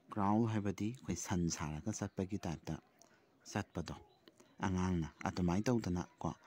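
This teacher speaks slowly, in a low, deep voice with a Manipuri accent. He reads a children's poem aloud, then explains it line by line in a mix of English and Manipuri. His delivery is patient and deliberate. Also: darkish tone, husky. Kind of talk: classroom lesson video.

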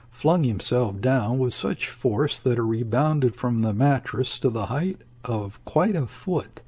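Slow, husky male audiobook narrator. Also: medium pitch, darkish tone. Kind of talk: scripted narration of a classic novel.

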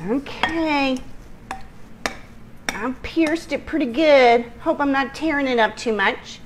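A middle-aged woman hosting a home cooking video from her kitchen, chatty and excitable with frequent ums and giggles. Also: sits high, takes it slowly, a little hiss or hum. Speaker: home cooking show host. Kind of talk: casual cooking chat.

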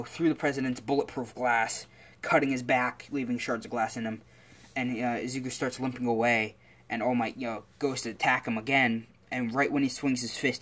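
A man's voice: mid-range voice, fairly bright tone. A man telling a story casually, rambling along with lots of fillers and restarts.

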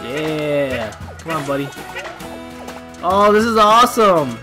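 A man co-hosting a let's play, reacting with excited outbursts and laughs while game music plays. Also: fairly high pitch, takes it slowly. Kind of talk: casual gameplay commentary.

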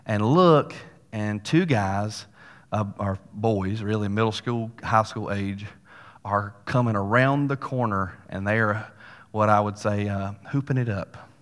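A man's voice: fairly low pitch, measured pace. A male pastor preaching a sermon, telling a story in a folksy way with casual asides to the congregation. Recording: long hall reverb.

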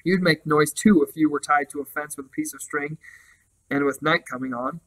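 A man voicing a foolish, frightened young male crow in a storybook reading, speaking in a hurried, pleading way. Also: a little high, steady tone, a bit bright, low-quality recording. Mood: anxious.

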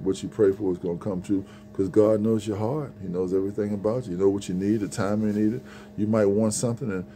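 A man's voice: fairly low pitch, mellow. A man giving an informal sermon, rambling and conversational, with frequent restarts and repeated words. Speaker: preacher.

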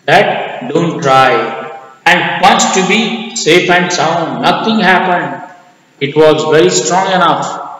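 A man's voice: fairly high pitch, a bit bright. A man with an Indian English accent teaching a school English class, explaining a poem word by word and asking and answering his own questions. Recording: echoey, reverberant room.

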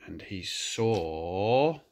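An older man reading a children's picture book aloud, gentle and expressive. He takes his time, lingering on each page. His pitch rises and falls in a lively, storytelling way. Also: extremely slow. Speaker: grandfather storyteller.

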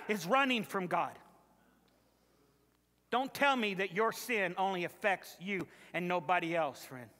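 A man's voice: sits high, expressive, measured pace, bright, forceful tone. A male pastor preaching a sermon, telling a story emphatically and repeating words for emphasis. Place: church sanctuary. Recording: echoey church sanctuary.

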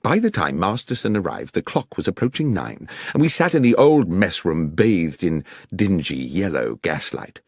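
A man reading an audiobook narration in a measured, expressive storytelling manner. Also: sits low, breathy edge, dry recording, clean studio sound. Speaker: audiobook reader narrating as the doctor companion.

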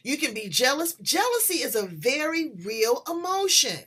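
A woman hosting a talk show, telling stories in an animated, exclamatory way during a casual, faith-filled chat. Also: high voice, normal speed.

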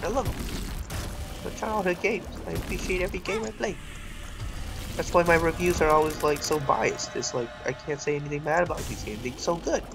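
A woman hosting a gaming channel, giving rambling, self-mocking let's play commentary that breaks into yells and laughter during tense fights. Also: deep voice, brisk, creaky, over music.

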